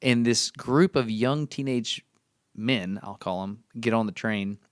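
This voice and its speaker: A man's voice: fairly low pitch, a little slow, no echo. American man telling stories, dry close sound. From United States. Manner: storytelling, laughs often. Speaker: podcast co-host. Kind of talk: casual chat.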